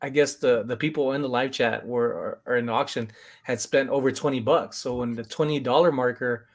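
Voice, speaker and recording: Guy hosting a reseller chat, animated, does little voices when he tells stories. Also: medium pitch, fairly quick. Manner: animated storyteller, acts out voices. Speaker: podcast host. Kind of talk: casual chat.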